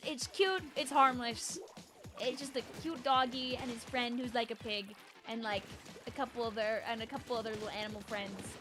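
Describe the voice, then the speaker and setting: High-voiced chatty young woman streamer. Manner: rambling, chatty, laughing often, reads out chat. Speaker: game streamer. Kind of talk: casual live-stream chat while gaming. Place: home. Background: game music.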